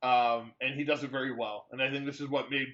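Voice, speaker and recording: On dull-sounding audio, this podcast co-host talks fast in a flat, fairly bright, medium-pitched voice. The movie-review chat is casual and rambling, packed with fillers and restarts.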